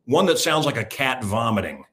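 A man's voice: mid-range voice, very animated, fairly quick, pushed and bright. An older man hosting his own show, talking blunt and rambling in a casual monologue to camera. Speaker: host.

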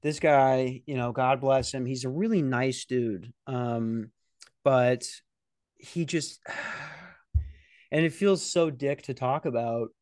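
A young man hosting a podcast, telling rambling, profane stories in a casual, animated way. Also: mid-range voice, takes it slowly, dry recording, clean studio sound. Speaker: podcast host. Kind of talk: casual storytelling. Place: security office at night.

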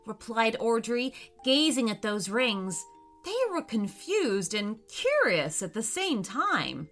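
Casting: woman narrating a children's storybook, slow and very animated, bright tone. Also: faint music behind. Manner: slow, expressive reading with lively pitch.

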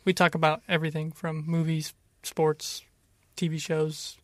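Flat-toned man plugging his podcast. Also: fairly high pitch, unhurried, no room sound, studio quality. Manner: plugs his show in a flat, easy tone. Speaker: podcast host, guest. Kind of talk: casual chat on a live stream.

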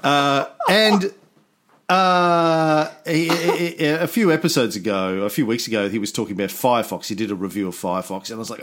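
Man, podcast host, casual chat, rambling, laid-back, mid-pitched voice. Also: moderate pace, a bit bright.

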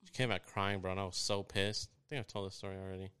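A man's voice: low-pitched, fairly even intonation, fast, a bit bright, clear, resonant tone, dry recording, studio quality. A young man from Texas, co-hosting a casual chat and retelling stories with lots of swearing and quoted voices.

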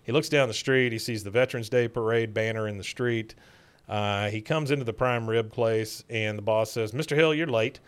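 A man's voice: on the low side, steady tone, moderate pace, clean tone. A man co-hosting a podcast, casually retelling an episode in a rambling, filler-heavy way. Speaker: podcast co-host.

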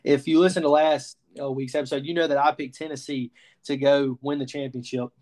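A young adult man from the Southern United States co-hosting a podcast, telling a lively story in casual sports talk and acting out his own reactions. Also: mid-range voice, a little fast. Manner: animated storyteller, quotes himself. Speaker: podcast co-host.

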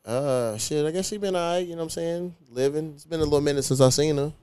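A man in casual podcast talk, with a smooth, resonant voice at a middle pitch. He tells profane stories and quotes his own comebacks. The sound is close and dry, with no room in it. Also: fast, a little mellow, dry recording. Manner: profane storytelling, quoting his own retorts. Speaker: podcast host.

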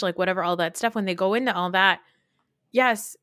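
A woman's voice: mid-range voice, brisk, a bit bright, smooth, no room sound. Heated podcast woman, blunt, swears a lot, dry close sound. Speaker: podcast co-host. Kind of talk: casual chat.

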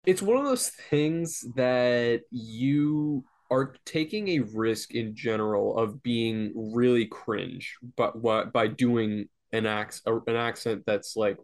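A young man co-hosting a podcast, chatting in an easygoing, halting way. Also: medium pitch. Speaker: podcast co-host. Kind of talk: casual podcast chat.

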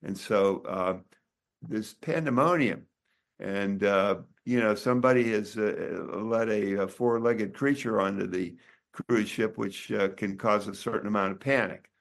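An older man, a doctor and author, talking in a relaxed interview with many restarts and pauses. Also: fairly low pitch, gravelly. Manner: rambling, halting, many restarts. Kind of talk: casual interview chat.

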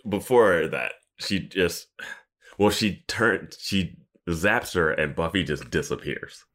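A man's voice: low-pitched, lively intonation, slow, fairly bright tone. A young man co-hosting a podcast, chatting casually and reacting with frequent laughs. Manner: laughs often, enthusiastic reactions. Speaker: podcast co-host. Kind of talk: casual recap chat.

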